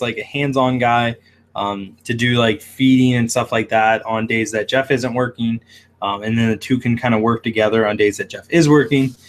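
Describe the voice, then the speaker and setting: A man's voice: medium pitch, a bit bright. A man who runs a shrimp shop, hosting a casual livestream with lots of fillers as he reads viewer comments aloud. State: hiccuping.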